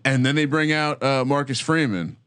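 A man's voice: mid-range voice, normal speed, a bit bright, clear, resonant tone. A man co-hosting a sports podcast, riffing emphatically and swearing freely. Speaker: podcast co-host. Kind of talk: casual sports chat.

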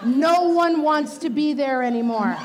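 Comic co-host, woman, high bright register, live theater mic with audience murmur behind, exasperated rants. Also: a little slow, crowd noise. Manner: emphatic, exasperated, laughing often. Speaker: podcast co-host. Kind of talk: comedic live show banter. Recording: live stage recording with audience noise.

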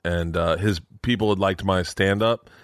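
A middle-aged man with a low voice tells a rambling story in casual chat, jumping into the voices of the people in it. The sound is dry and close, with no room around it. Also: normal speed, no echo. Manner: animated storyteller, acts out quotes in raised voices. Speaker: guest comedian.

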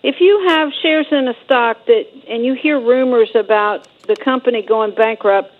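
A woman calls in to a show, polite and direct. Her voice is high and reaches you over a thin phone line. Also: moderate pace. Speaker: caller.

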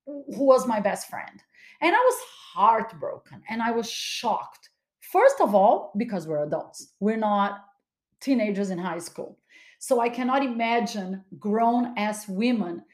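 A woman podcast host telling a personal story in a casual, animated way, acting out what people said. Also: mid-range voice. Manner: animated, dramatic retelling with quoted voices. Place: home studio, California.

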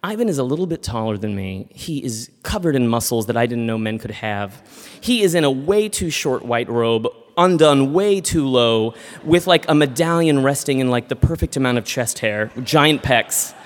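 A man telling a comic personal story live on stage, animated and acting out voices. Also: mid-range voice, moderate pace, big-room sound. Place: theater stage.

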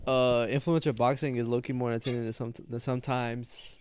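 A man's voice: medium pitch, little pitch movement, brisk, a little hiss or hum. A young man in his twenties co-hosting a podcast, laid-back and agreeable, laughing often in casual chat. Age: 20s. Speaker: podcast co-host.

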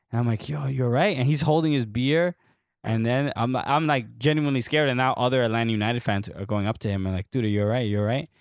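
A man's voice: medium pitch, dry recording. A young man from the United States chats casually as a podcast co-host. He tells stories in loose, rambling bursts, full of "uh" and "like", and laughs often. His mid-range voice is recorded close and dry, with no room sound. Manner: rambling storyteller, frequent fillers, laughs often. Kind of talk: casual chat.

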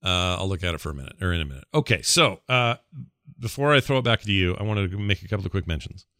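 A man with a low, forceful voice rambles through casual chat as a podcast co-host, often stopping to correct himself. The recording is dry and close, with no room sound. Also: expressive, fast, dry recording. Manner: rambling, with fillers and self-corrections.

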